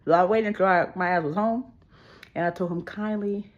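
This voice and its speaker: A woman with a fairly low voice tells a dating story in a casual vlog, recorded at home on a phone. She is animated and candid, swears without holding back, and jumps her voice up to act out what others said. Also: a little fast, highs cut off. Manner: animated, candid, swears freely, acts out quotes in a high voice. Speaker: vlogger. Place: home with kids and cats around.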